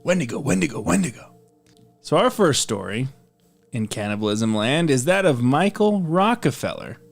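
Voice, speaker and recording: Male co-host, animated, jokey, swears a lot, faint music behind. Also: medium pitch, normal speed. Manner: joking, swears freely, sings along. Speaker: podcast co-host. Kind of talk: casual podcast banter.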